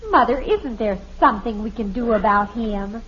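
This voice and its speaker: A woman's voice: a little high, moderate pace, fairly bright tone, natural voice. A woman playing a dramatic, affected teenage girl. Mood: fretful. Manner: affected, putting on airs, theatrical. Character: teenage girl, status-conscious and dramatic older daughter. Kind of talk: 1950s radio sitcom acting. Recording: dull lo-fi old radio recording.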